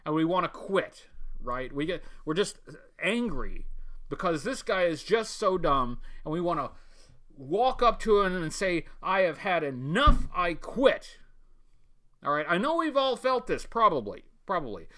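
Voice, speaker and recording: A man's voice: high-pitched, sing-song, normal speed, bright, forceful tone. A man hosting a live toy-collector stream, greeting chat viewers by name and rambling with many fillers and restarts. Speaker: livestream host.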